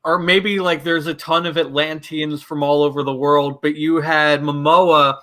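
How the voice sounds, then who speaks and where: A man guesting on a casual film chat, musing aloud with lots of "like" and a relaxed delivery. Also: a little high, measured pace. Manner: relaxed, hedging with fillers like "like".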